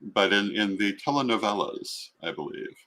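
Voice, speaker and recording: Gravelly, lively-voiced middle-aged man. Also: on the low side, normal speed. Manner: reflective, storytelling. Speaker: guest. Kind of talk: casual chat.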